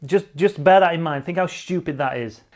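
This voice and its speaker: A man hosts casual cycling news in a blunt, sarcastic way. His voice sits fairly high, and he swears freely and repeats lines for emphasis. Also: brisk, a little mellow. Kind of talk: casual online news commentary.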